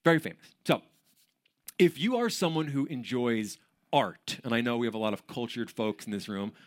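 A male pastor preaching with a lively, sing-song delivery, his pitch rising and falling freely. He talks in a conversational way, cracks jokes and tells animated stories to the room. His voice sits at an ordinary middle pitch for a man. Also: normal speed. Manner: conversational and joking, with animated storytelling. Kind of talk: sermon.

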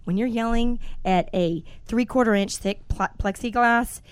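A woman's voice: fairly high pitch, a little slow, clean tone, no room sound. Woman in her 40s hosting a chatty podcast, blunt and sweary, dry close sound. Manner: animated, blunt storytelling with swearing. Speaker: podcast host. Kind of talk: casual podcast chat.

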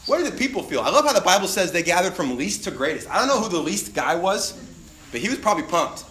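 A young adult man preaching a sermon as a pastor, animated and acting out the voices of people he quotes. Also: high-pitched, fast, a little hiss or hum. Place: church sanctuary. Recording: roomy church recording.

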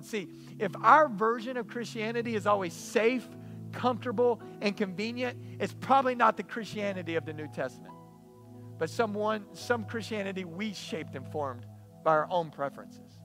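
A man preaching a sermon in an animated, emphatic, storytelling way. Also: sits high, normal speed, soft background music. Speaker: pastor.

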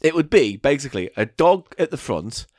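A man's voice: medium pitch, very animated, moderate pace, darkish tone, no room sound, clean studio sound. A man co-hosting a comedy podcast, talking in a plain, indignant way. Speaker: podcast co-host.

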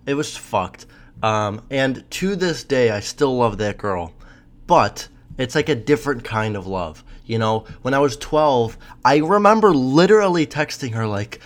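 Young guy in his 20s riffing solo on his podcast, swears a ton, rambles, mid pitched voice. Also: expressive, measured pace. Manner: rambling and profane, full of fillers and restarts. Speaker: podcast host. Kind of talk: casual solo Q&A chat.

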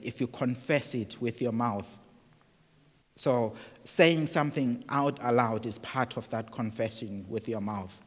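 Slow-speaking male preacher in a hall. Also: medium pitch. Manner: earnest, repeats words and restarts. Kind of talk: sermon.

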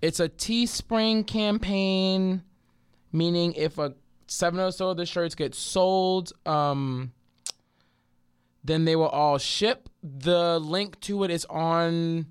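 A man hosting a casual podcast who tells stories in an animated, profane way and acts out what other people said. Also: sits high, slow, clean tone, no room sound, studio quality. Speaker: podcast host. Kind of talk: casual storytelling chat.

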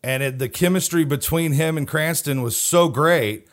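Male podcast co-host, higher-pitched, chatty storyteller who laughs a lot. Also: normal speed. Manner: chatty storyteller, laughs often while telling anecdotes. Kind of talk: casual chat.

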